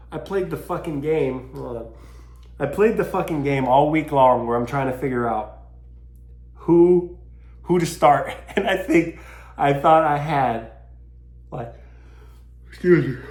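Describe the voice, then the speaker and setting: A man's voice: fairly high pitch, reverberant. A man hosting a solo podcast, talking casually in an exasperated, self-mocking rant full of swearing. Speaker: podcast host.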